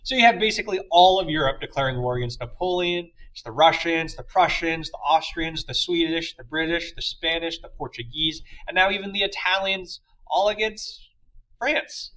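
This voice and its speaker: A young male teacher talks through a history lesson in an easygoing, chatty manner. His voice sits a bit high and sounds bright and forceful. He fills gaps with "uh" and drops playful asides as he goes. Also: normal speed, few pauses, low-quality recording. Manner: chatty, loose, many fillers, playful asides. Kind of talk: casual classroom lecture.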